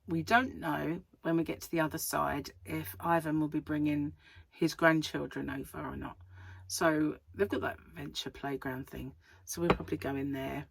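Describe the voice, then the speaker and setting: Middle-aged woman, casual rambling chat, deep voice, breathy. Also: no room sound. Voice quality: chatty and rambling, laughs often. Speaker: crochet vlogger.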